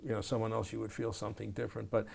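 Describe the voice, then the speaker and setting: A man's voice: on the low side, racing, creaky, breathy edge. A man, a jazz saxophonist and educator, telling stories in an oral history interview, acting out scenes and scatting melodies. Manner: animated storyteller, acts out scenes and scats melodies.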